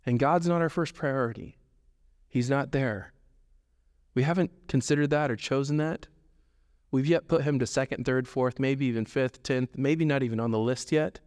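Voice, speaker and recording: A man in his thirties preaching a sermon as pastor, animated, jumping up in pitch when he acts out quoted voices. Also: long reverb tail.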